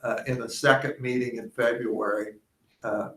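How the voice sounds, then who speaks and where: A man giving a superintendent's report at a school board meeting, speaking haltingly with frequent fillers. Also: mid-range voice, fairly even intonation, fairly bright tone. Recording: echoey meeting room.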